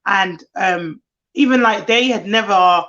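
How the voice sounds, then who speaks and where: A woman's voice: medium pitch, a little slow. A woman nanny, telling stories in casual chat and acting out children's voices. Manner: animated storytelling, acts out children's voices. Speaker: nanny, co-host. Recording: muffled lo-fi stream audio.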